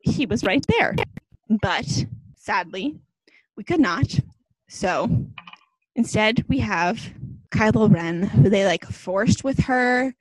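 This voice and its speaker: A woman's voice: medium pitch, lively intonation, slow, pauses often, no room sound, poor audio. A young woman co-hosting a podcast, ranting in a fired-up, casual way, full of "like.". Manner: fired-up, ranting, heavy use of "like". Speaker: podcast co-host.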